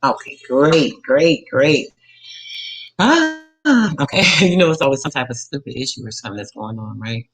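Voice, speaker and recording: A talkative man, a radio show host, hosts a live stream of casual talk, loose in manner with fillers and self-corrections. His medium-pitched voice has fairly even intonation and moves a little fast with hardly any pauses, over poor audio.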